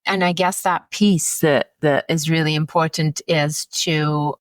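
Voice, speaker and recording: Woman, podcast guest psychologist, candid and anecdotal, lowish voice, dry close sound. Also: steady tone, measured pace, no room sound. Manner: candid, anecdotal, laughs often. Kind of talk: conversational podcast interview.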